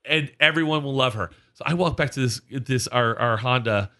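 A man co-hosting a podcast, telling a story in a casual, animated way and acting out what people said. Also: mid-range voice, normal speed. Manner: animated, acts out quotes. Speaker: podcast co-host.

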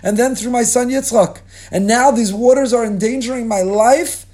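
A man's voice: very high-pitched, moderate pace, dark tone, pitched above the performer's own voice. A man voicing an aged biblical patriarch who cries out to God in raised, urgent pleading.

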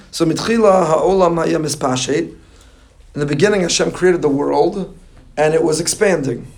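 A rabbi giving a lively sermon, mixing in joking asides and Hebrew and Yiddish terms. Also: male voice, on the high side, moderate pace.

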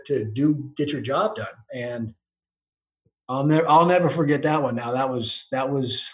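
A man's voice: medium pitch, a little slow, echoey room, low-quality recording. A man, a football coach, telling long casual anecdotes with frequent restarts and small laughs. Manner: rambling anecdotes with restarts and chuckles. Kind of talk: casual storytelling interview.

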